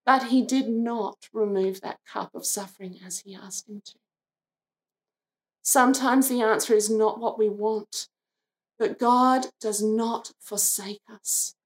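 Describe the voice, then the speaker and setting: Woman preacher, devotional sermon, slow unhurried delivery, somewhat high voice, earnest and gentle. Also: steady tone. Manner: slow, gentle and earnest, briefly acting out the sisters' lines.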